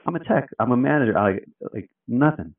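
A man's voice: medium pitch, lively intonation, fairly quick. A man telling his story as an interview guest in a loose, chatty way, full of fillers, acting out what people said. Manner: loose and chatty, filler-heavy, acts out quotes. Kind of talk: casual storytelling. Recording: tinny phone-like sound, distant from the mic.

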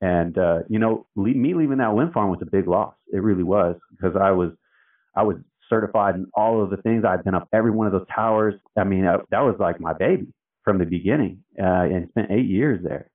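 Male guest, very low voice, sits far off the mic, chatty storyteller who acts out quotes. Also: brisk. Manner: loose and chatty, filler-heavy, acts out quotes. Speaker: interview guest. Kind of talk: casual storytelling. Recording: tinny phone-like sound, distant from the mic.

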